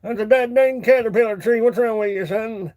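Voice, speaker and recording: A man voicing a gruff, scolding rural old-timer who speaks in a drawn-out backwoods drawl. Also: high-pitched, a little mellow, no echo, studio quality, pitched above the performer's own voice, lightly acted.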